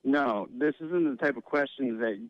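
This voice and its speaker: A man's voice: medium pitch, normal speed, no echo. A man on a phone call who stammers and sounds annoyed and flustered. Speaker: prank call target. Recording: muffled phone line.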